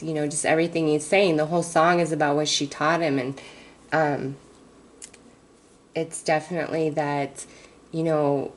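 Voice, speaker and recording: A woman giving a casual tarot reading to her viewers, talking haltingly with many fillers and pauses. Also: low voice, slight background noise, low-quality recording. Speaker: tarot reader.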